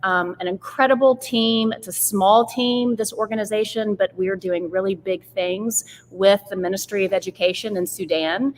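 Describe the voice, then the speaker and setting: A woman's voice: mid-range voice, moderate pace, few pauses. An earnest, articulate woman in her forties speaks as a guest on a live show, with a few fillers. Her voice has a long reverb tail. A faint noise sits behind her. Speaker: guest, curriculum director. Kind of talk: interview conversation.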